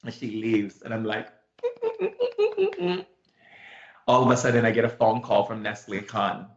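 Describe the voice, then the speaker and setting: A man teaching through a story, animated and emphatic, repeating himself and leaning on fillers. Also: lowish voice, fairly quick. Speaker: spiritual teacher, show host. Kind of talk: storytelling lesson. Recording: echoey room, dull sound.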